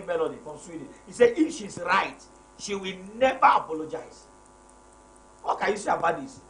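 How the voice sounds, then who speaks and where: A man's voice: high voice, sharp tone. A middle-aged man hosting a live marriage program as a pastor, reading viewer comments and repeating his points emphatically. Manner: emphatic, repeats key phrases, preacherly. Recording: echoey room with faint noise.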